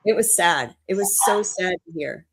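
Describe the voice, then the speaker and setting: Woman co-host, lower voice, casual and chatty, emotional storyteller. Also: lively intonation, moderate pace, husky. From New Orleans. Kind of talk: casual chat.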